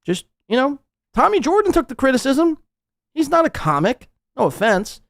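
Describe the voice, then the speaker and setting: Male podcast host, crude mocking rant, very lively pitch, dry close sound. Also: moderate pace, vocal fry, no room sound. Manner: crude, sarcastic, mocking, swings between loud outbursts and muttering. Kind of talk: ranting live podcast commentary.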